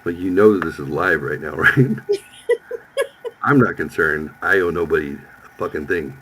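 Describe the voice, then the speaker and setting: Speaking at a moderate pace in a bass voice, a male podcast host in his fifties tells a profane story in relaxed conversation, quoting and performing each person's lines with animation. The low-quality recording carries a little hiss or hum.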